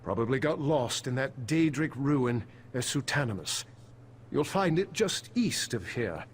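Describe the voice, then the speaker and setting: A man's voice: medium pitch, lively intonation, a little slow, slight background noise, natural voice. An actor playing a worried male farmer, a former financier and weary husband, polite and anxious. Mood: eager. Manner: polite, anxious, put-upon. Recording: game audio with soft music behind.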